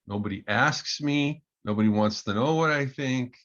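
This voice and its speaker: A man's voice: mid-range voice, normal speed, fairly bright tone, muffled recording, natural voice. A man voicing a blunt, resentful male architect who talks in a curt, bitter way.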